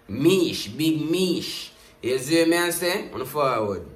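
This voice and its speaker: Taking it slowly, a Jamaican man with a higher-side voice reacts to a music video amid reverberant acoustics. His casual commentary is in patois, animated from start to finish, and keeps circling back to the same catchphrase refrains.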